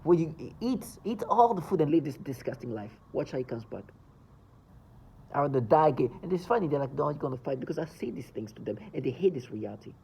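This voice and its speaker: Man, mid pitch, gravelly edge. Agitated, insistent vlog monologue with a faint hum behind. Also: very animated, fairly quick, warm tone, rough recording. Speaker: vlogger. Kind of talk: emphatic monologue to camera.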